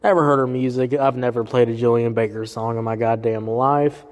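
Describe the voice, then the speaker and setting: A man's voice: medium pitch, steady tone, fairly quick. Man, casual music reviewer, swearing, rambling fillers, echoey hall sound. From southern US. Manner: profane, rambling, heavy fillers. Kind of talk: casual solo review chat. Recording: roomy hall reverb.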